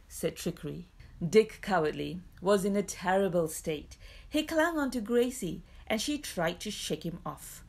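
A woman narrating a classic children's story aloud. Her pitch rises and falls a great deal, which keeps the reading lively. She holds a steady storytelling pace. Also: measured pace, gravelly.

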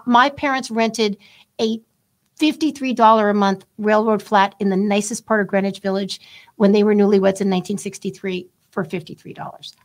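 Chatty woman telling stories, slightly high voice. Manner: chatty, storytelling, frequent fillers and restarts. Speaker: podcast co-host. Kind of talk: casual conversational chat.

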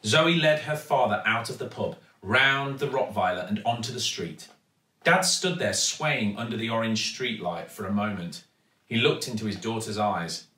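A man with an English accent reading a children's storybook aloud with steady, expressive storytelling. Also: lowish voice, moderate pace, distant mic. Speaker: actor reading a children's book. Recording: echoey room, voice from off-mic.

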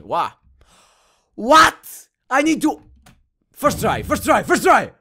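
Excitable high-voiced gamer man. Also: slow, gravelly, pauses often, breathy edge. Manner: loud, shouty, swears a lot, jokey. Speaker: gaming YouTuber. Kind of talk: excitable gameplay commentary.

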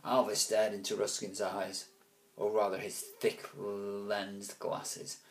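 A man reading a children's book aloud, with relaxed, chatty asides. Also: on the low side, takes it slowly. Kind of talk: casual read-aloud storytelling.

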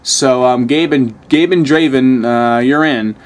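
A man's voice: medium pitch, a little slow. Swearing man muttering over gameplay. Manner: swears a lot, reads game text aloud, mutters. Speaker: gaming channel host. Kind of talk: casual gameplay commentary.

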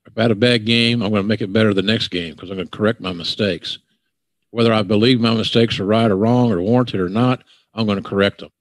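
With a fairly low voice and no audible room sound, an older man with a Southern accent rants bluntly and profanely while hosting a laid-back podcast conversation.

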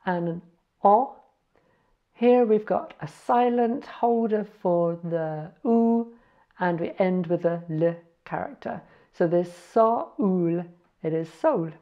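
Woman, casual home tutorial host, slightly low voice, self-correcting, muffled lo-fi sound. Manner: chatty, self-correcting, spells out letters slowly. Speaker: language learner sharing words.

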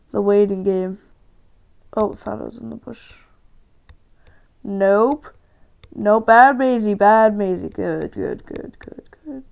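A woman hosting a gaming channel and giving live, excitable commentary while she plays, often ranting and shouting in frustration. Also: medium pitch, very slow, creaky, long pauses.

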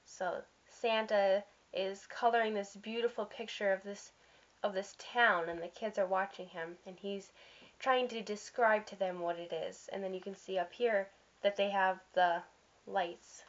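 With a mid-range voice, fairly even intonation, and a measured pace, a woman vlogs her way through a holiday catalog. She's chatty and gushing, with fillers and little slips, and the audio is dull lo-fi.

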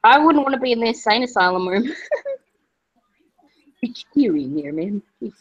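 A woman's voice: on the high side, sing-song, moderate pace. A woman, hosting a casual gaming livestream from her kitchen, chatty and laughing often. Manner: chatty, laughing, frequent "jeez". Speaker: streamer, host. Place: kitchen at home. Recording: dull lo-fi sound.

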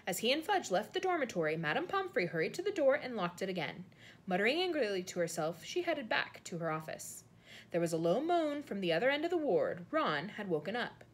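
A woman reading a storybook aloud in an expressive narrating voice. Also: medium pitch, fairly quick, husky. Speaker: audiobook reader.

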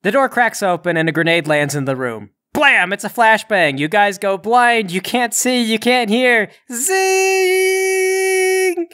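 A man runs a tabletop role-playing game, narrating the action with animated, theatrical energy. His voice sits fairly high for a man. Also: normal speed, hardly any pauses. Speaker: game master.

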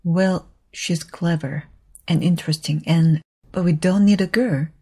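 Woman doing a shy soft-spoken old farmer guy, low mellow voice. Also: unhurried, slightly rough. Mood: hesitant. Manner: gentle, hesitant, soft-spoken. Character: shy gentle older male farmer.

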